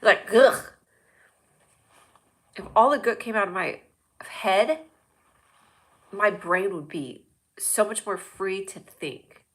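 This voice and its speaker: A woman's voice: mid-range voice, lively intonation, takes it slowly, pauses often. A woman hosting a livestream show, chatting in a rambling, jokey way straight to her viewers. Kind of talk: casual livestream chat.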